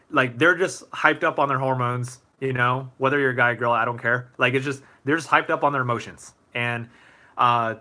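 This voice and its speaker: A young man hosts a casual livestream Q&A and answers viewers' questions. His voice is bright and forward at an ordinary pitch. He talks in a relaxed, thinking-aloud way, with plenty of ums and restarts. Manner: relaxed and thoughtful, many fillers and restarts. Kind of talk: casual live Q&A.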